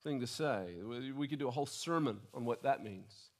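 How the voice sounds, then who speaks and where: A man's voice: medium pitch, lively intonation, moderate pace. A male pastor delivering a sermon, talking conversationally, restarting phrases and acting out the people he quotes. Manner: conversational preaching with repeated restarts and dramatized quotes.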